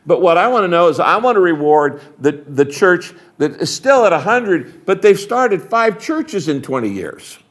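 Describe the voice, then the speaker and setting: An older man, a retiring pastor, speaking as an interview guest in an emphatic, animated, preacherly way, acting out little dialogues as he talks. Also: high voice, normal speed, few pauses.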